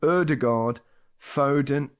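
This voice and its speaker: An older man co-hosting a casual football chat, telling lively stories and laughing often. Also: medium pitch, very slow. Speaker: podcast co-host.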